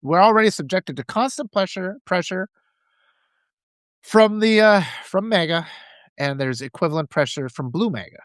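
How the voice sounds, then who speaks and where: A man's voice: sits high, animated, normal speed, a bit bright, dry recording. A man giving an impassioned political monologue, ranting and mimicking opponents in mocking voices. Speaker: political commentator.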